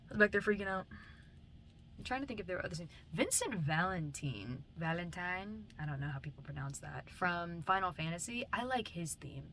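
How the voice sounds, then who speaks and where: A woman's voice: on the low side, pushed and bright, slight background noise. Drowsy young woman rambling late at night. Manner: drowsy, meandering, casual swearing. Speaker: vlogger. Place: home, at night.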